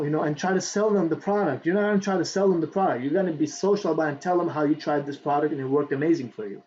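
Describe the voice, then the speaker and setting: A man teaching affiliate marketing in a casual on-camera tutorial, chatty and repetitive, asking "right?" again and again. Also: fairly high pitch. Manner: animated, reaching around for books while talking. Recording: dull lo-fi sound with faint background noise.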